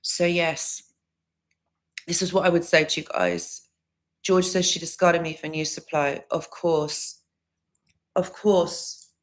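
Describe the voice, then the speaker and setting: A woman's voice: on the low side, lively intonation, slow, pauses often. Earnest woman coach on a live Q&A. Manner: earnest, reassuring, repeats advice. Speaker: recovery coach. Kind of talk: live Q&A stream, reading viewer comments.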